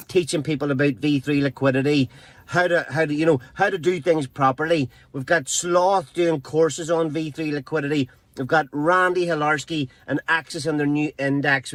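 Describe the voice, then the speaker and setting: A man with an Irish accent giving an emphatic, profane motivational speech. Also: on the high side. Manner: emphatic, profane, drawn-out phrases.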